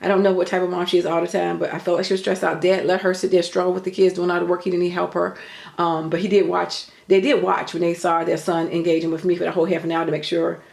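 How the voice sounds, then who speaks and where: A woman's voice: on the low side, level tone, fast, gravelly, darkish tone, roomy sound. An older woman telling a story in an earnest, chatty way, full of faith talk. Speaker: vlogger. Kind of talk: casual storytelling.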